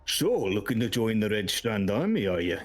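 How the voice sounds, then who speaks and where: A man voicing a grizzled, battle-weary tall male orc who speaks loudly and gruffly, sizing up a recruit in a tabletop game. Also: lowish voice, very animated, normal speed.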